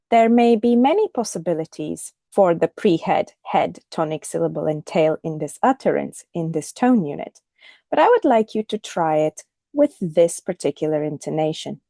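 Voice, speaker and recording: A woman teaching a recorded lesson, speaking clearly and deliberately and modelling the intonation of example phrases. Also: mid-range voice, warm tone, no room sound, studio quality. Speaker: English teacher.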